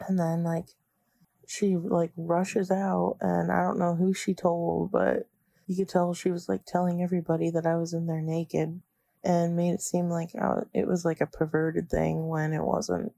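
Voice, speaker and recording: A woman with a low, gravelly voice tells old school memories in a loose, chatty way, scattering "like" through her sentences. The sound is close and dry. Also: little pitch movement, moderate pace, warm tone, no room sound. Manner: chatty, many "like" fillers. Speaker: interviewee. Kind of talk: casual recounting of memories.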